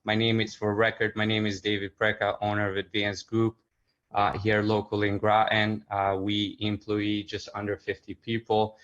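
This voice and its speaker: Halting man with a low flat voice. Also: highs cut off. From Connecticut. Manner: halting, many filler uhs. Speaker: local business owner speaking at public comment. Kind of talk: public comment at a town meeting.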